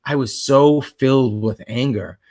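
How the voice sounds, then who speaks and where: A man's voice: mid-range voice, measured pace, a little mellow. A man co-hosting a livestream about relationships, talking in an earnest, reflective way, with lots of fillers. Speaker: co-host of a couples livestream. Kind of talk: casual conversational talk.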